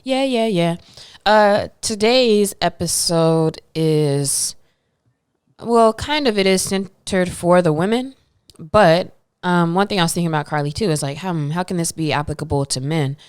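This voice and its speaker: Female podcast co-host, low and smooth, dry close sound, laid-back and chatty. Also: a little slow, dry recording. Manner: relaxed and chatty, slangy, trails off with fillers. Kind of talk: casual podcast chat.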